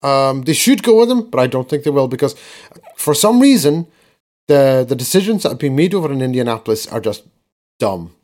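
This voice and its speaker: A man co-hosting a podcast, recapping football games in casual chat, animated and laughing often, with some repeated words. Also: mid-range voice, brisk. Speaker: podcast co-host.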